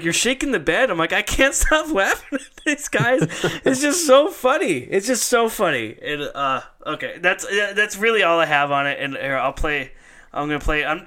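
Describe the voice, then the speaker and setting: A man's voice: a little high, bright, forceful tone, clean tone. A man hosting a podcast in casual chat, laughing often as he retells a comedy sketch. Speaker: podcast host.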